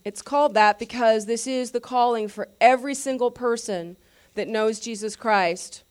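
A woman pastor preaching in a chatty, animated way, with a voice that sits a little high. She keeps asking her listeners questions and stops to correct herself along the way. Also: moderate pace, clean tone. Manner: lively, conversational, asks the audience questions; restarts and self-corrections. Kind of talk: sermon teaching.

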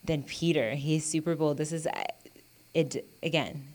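A woman's voice: low-pitched, fairly even intonation, a little slow, darkish tone. A woman giving a casual, earnest Bible teaching, talking conversationally with lots of "you know" and "like". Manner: earnest and encouraging.

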